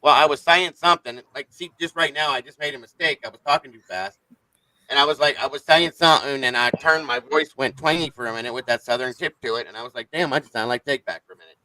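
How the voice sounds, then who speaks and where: A man's voice: medium pitch, quick pace, bright, forceful tone, no echo, poor audio. A man hosting a casual livestream chat, talking bluntly and swearing often. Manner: blunt, profane, defensive. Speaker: livestream host.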